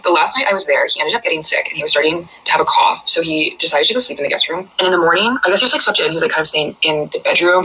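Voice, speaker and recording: Rapid-talking young woman. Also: lowish voice, pushed and bright, slightly rough, low-quality recording. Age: young adult. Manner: rambling, hesitant, full of "like". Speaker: storyteller in a played clip. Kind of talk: personal storytelling.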